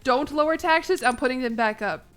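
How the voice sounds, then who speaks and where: A woman's voice: sits high, moderate pace, fairly bright tone, faint music behind. A young woman streaming a strategy game, chatting casually with viewers in a sarcastic, swearing manner. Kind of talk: casual gameplay livestream chat.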